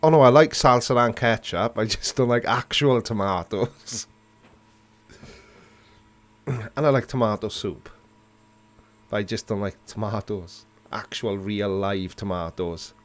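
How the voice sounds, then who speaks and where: Slow, low-voiced man chatting. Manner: playful, reads and answers chat comments, mock disgust. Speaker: livestream host. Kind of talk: casual live chat with viewers.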